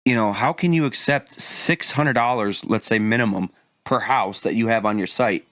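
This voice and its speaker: A man's voice: fairly low pitch, moderate pace, a bit bright, no room sound, clean studio sound. A man co-hosting a podcast in casual chat, ranting animatedly and swearing freely. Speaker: podcast co-host.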